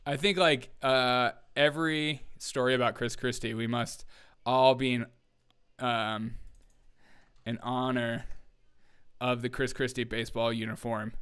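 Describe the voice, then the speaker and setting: A man's voice: medium pitch, steady tone, measured pace, long pauses, a bit bright, smooth. Sarcastic male comedy host. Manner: sarcastic, laughs often. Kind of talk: casual comedic commentary.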